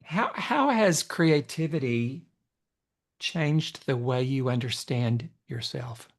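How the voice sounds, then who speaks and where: A man hosting a podcast interview, talking expressively, telling stories and laughing easily. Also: medium pitch. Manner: expressive, storytelling, quick to laugh. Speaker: podcast host. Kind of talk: conversational interview.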